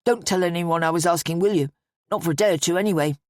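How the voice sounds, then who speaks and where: A woman's voice: fairly low pitch, quick pace, dry recording, clean studio sound, natural voice. A woman voicing an earnest, uneasy young man who speaks hesitantly.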